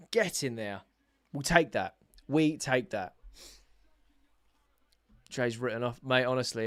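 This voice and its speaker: A young man hosting a live football watch-along, chatting casually with his viewers, excitable and sarcastic, shouting when his team scores. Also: medium pitch, no room sound, clean studio sound. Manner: excitable, bursts into shouts at goals, sarcastic banter with chat. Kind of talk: live match reaction chat.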